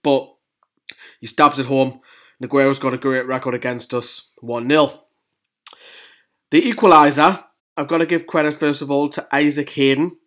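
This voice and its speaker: A man hosting a fan channel, chatting excitedly through goal replays in casual football analysis. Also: mid-range voice, moderate pace, pauses often.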